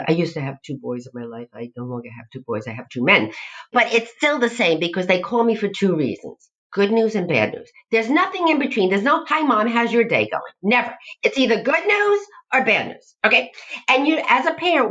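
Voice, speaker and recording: A middle-aged woman, a guest on a podcast, telling stories and acting out voices in an animated way. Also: fairly low pitch. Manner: animated storyteller, acts out quoted voices. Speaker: guest, nutrition professor. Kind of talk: podcast interview. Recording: dull lo-fi audio.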